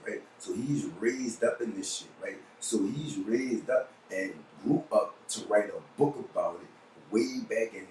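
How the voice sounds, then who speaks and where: A young man with a New Orleans drawl talks on and on in a blunt, emphatic monologue. His voice sits low. The sound is roomy and a little distant, with faint ambience behind him. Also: a little mellow, slight background noise. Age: young adult. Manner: rambling and emphatic, keeps asking "you see what I'm saying"; blunt, profane street talk. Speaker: podcast host. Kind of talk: casual monologue.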